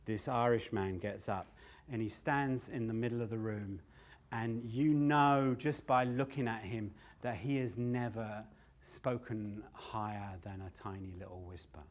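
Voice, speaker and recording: A man's voice: on the low side, steady tone, unhurried, few pauses. Older man telling loose, sweary stories. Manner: loose, swearing, laughing at his own stories. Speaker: storyteller and comedian. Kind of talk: live standup storytelling.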